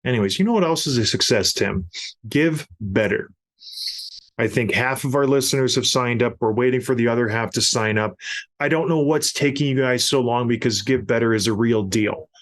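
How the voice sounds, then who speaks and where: A middle-aged man hosting a podcast, telling a family story in a casual, animated way with laughs. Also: medium pitch, moderate pace. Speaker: podcast host.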